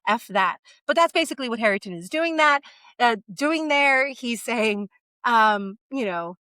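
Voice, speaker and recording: Young female co-host, animated and playful, slightly high, dry studio read. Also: normal speed, no echo. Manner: animated, acts out characters in quoted asides. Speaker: podcast co-host. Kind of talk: casual book discussion.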